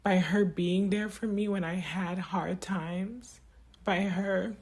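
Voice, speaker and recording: A woman speaking in an emotional, halting personal monologue, tearing up and restarting her sentences often. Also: mid-range voice, fairly even intonation, darkish tone. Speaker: spiritual vlogger.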